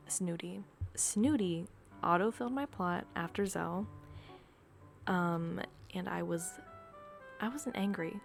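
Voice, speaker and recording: Tired young woman gaming vlog, low voice with lots of fry, dramatic over-the-top ranting. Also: slow, pauses often, music in the background. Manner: dramatic, exaggerated rants. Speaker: video creator. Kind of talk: casual gaming vlog chat.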